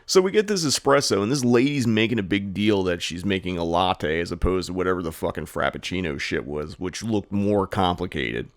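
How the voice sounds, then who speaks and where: With a deep voice, a man co-hosting a podcast talks fairly quickly, barely pausing, as he rambles through a story in casual chat. He swears a lot and becomes animated when mimicking people. The recording is dry and studio-clean.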